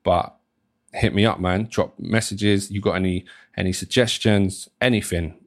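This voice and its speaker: Man, low voice, rambling solo podcast chat, lots of swearing, dry close sound. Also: fairly even intonation, normal speed, no room sound. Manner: rambling, swears freely, restarts often. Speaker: podcast host. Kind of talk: casual solo monologue.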